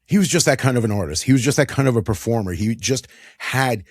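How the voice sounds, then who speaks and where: A man's voice: mid-range voice, lively intonation, quick pace, slightly rough, dry recording, studio quality. A man hosting a casual monologue show, talking with enthusiasm in a chatty way and laughing often. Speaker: podcast host.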